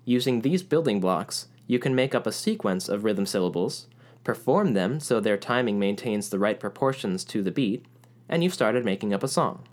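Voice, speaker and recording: A man narrating a music lesson in a clear, explanatory way, now and then chanting rhythm syllables aloud. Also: on the low side, lively intonation, normal speed, a little mellow. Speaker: music teacher.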